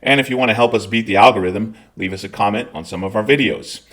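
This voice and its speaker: A military veteran from Scotland hosting a scripted commentary rant, blunt, profane and lecturing in tone. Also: male voice, lowish voice, quick pace, fairly bright tone.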